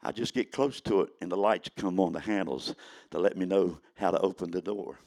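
A man of eighty, preaching a sermon in a folksy storytelling way that builds to fervent shouting. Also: deep voice, brisk, no echo. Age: 80s.

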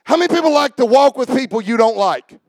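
Man preaching, very high voice, gravelly edge, shouting sermon. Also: animated, fast, no echo, clean studio sound. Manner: preaching, often shouting, asking the congregation questions. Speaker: pastor.

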